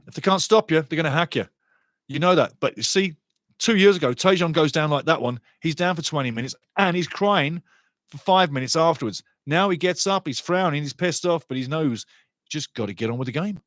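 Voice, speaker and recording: A man commentating live on a soccer match for a watchalong stream, excitable and sarcastic, often repeating his phrases. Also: on the high side, fairly quick, dry recording, clean studio sound.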